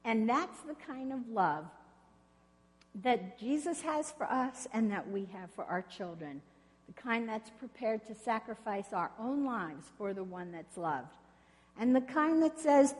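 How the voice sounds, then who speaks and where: Slow-speaking woman preacher in a reverberant hall. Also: a little high, expressive. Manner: earnest storytelling with rhetorical questions. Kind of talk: sermon.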